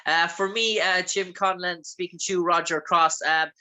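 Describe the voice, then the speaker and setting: A man's voice: sits high, little pitch movement, normal speed, sharp tone. A man with an Irish accent hosting a casual interview, asking long, rambling questions full of fillers. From Ireland. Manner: rambling, filler-heavy phrasing.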